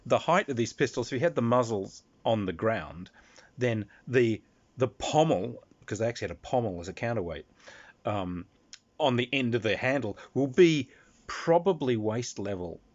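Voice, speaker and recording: Male game master, rambling animated storyteller, dull lo-fi sound. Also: mid-range voice, normal speed. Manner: animated, restarts, laughs through telling. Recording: slightly dull lo-fi recording.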